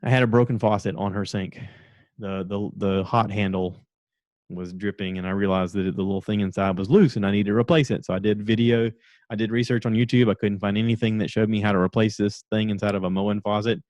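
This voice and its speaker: A man's voice: on the low side, level tone, fairly quick, darkish tone, no room sound. A man hosting a podcast, chatting on his own and telling a rambling story. He acts out the lines of the people in it and laughs at himself. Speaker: podcast host. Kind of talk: casual solo podcast monologue.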